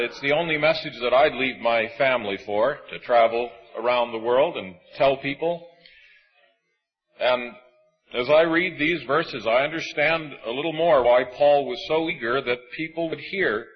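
A man delivers a sermon, reading scripture in a husky, measured voice. He slows down to lean on the words he wants to stress. The recording sounds slightly dull and lo-fi. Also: mid-range voice. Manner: measured, emphatic preaching with slow stresses. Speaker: preacher.

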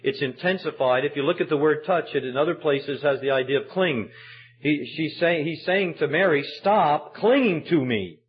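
Brief: emphatic male pastor, husky and fairly high voice, lo-fi sermon tape. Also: a little fast. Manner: emphatic storytelling preacher. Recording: dull lo-fi sermon recording.

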